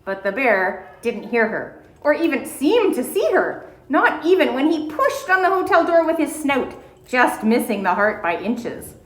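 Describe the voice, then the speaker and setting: A woman reading a children's storybook aloud in a gentle, expressive storytelling manner. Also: sits high, unhurried, echoey room, rough recording. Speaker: audiobook reader. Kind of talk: storybook read-aloud narration.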